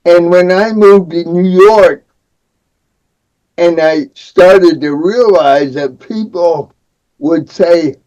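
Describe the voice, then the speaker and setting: An older man with a Midwestern accent and speech shaped by cerebral palsy, talking as a guest on a podcast interview in a slow, deliberate, wry way. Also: high-pitched, darkish tone, poor audio. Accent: Midwestern American. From American Midwest. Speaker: guest, disability advocate.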